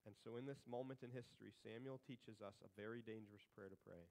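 A man's voice: on the low side, steady tone, quick pace, darkish tone, low-quality recording. A male pastor preaching a sermon in a conversational, humorous way, with sarcastic asides.

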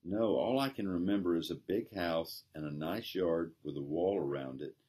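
A man's voice: low-pitched, moderate pace, warm tone, husky. A man voicing a sad, earnest little chimney-sweep boy in a read-aloud story. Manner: earnest, tearful.

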